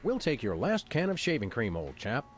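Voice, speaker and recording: A man's voice: medium pitch, huge pitch swings, moderate pace, soft background music. An actor playing a dry, matter-of-fact male dog detective in a cartoon game.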